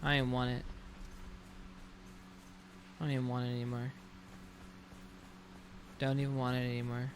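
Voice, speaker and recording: A man's voice: mid-range voice, completely flat delivery, moderate pace, long pauses, noisy background. A man streaming a roleplay game, ranting in exasperation and swearing often. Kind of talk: casual game chat.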